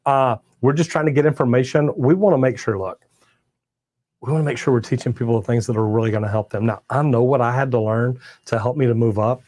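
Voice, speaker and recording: A middle-aged man from Texas, a master plumber, chats live with his viewers and cheers on newcomers. His voice sits at an ordinary middle pitch and is recorded close with no room echo. He talks loosely and often doubles back on what he just said. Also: fast, darkish tone. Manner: encouraging, conversational, repeats himself. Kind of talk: live stream chat answering viewer comments.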